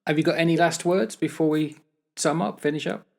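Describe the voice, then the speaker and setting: An older man hosting a podcast who asks relaxed questions and keeps his prompts short. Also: fairly high pitch, a little fast, creaky. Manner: relaxed interviewer with brief prompts. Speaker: podcast host. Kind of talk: casual chat.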